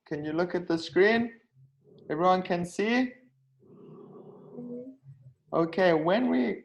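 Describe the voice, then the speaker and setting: A man with a voice on the high side, heard through poor audio, teaches an online English speaking class. He's patient and repetitive, checking in with students after nearly every sentence.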